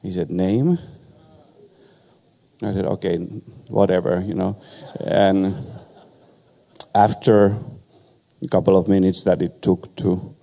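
Slow, deep-voiced older man with an accent. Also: little pitch movement, gravelly, warm tone. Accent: foreign accent in English. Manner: halting, storytelling with many fillers. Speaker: guest speaker at a church. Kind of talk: personal testimony with humor.

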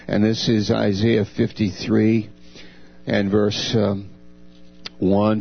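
A man delivers a slow, unhurried sermon in a gravelly voice. He preaches earnestly and acts out divine speech with a lifted tone. The recording is dull and lo-fi, with a mains hum underneath. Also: level tone. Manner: earnest, dramatizes God's words with raised pitch.

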